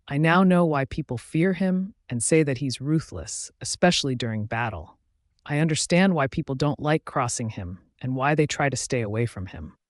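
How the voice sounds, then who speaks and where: A man giving steady first-person audiobook narration of a scripted story. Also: mid-range voice, normal speed, no room sound, studio quality.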